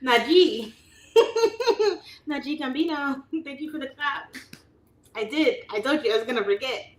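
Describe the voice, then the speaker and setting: A woman in her late thirties hosts a livestream, her high voice lively in intonation and measured in pace. She chats casually, reads viewer comments aloud, and laughs often in an echoey room with faint ambient noise.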